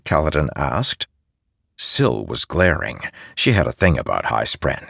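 A man narrating a fantasy audiobook in a measured, expressive way. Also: a bass voice, creaky, slightly rough, no echo, studio quality. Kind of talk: scripted narration.

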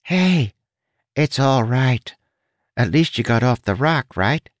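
A man's voice: medium pitch, animated, takes it slowly, dry recording, pitched above the performer's own voice. A man voicing a wry, chatty male rat in a storybook, his voice pinched and squeezed. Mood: consoling. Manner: teasing, chatty.

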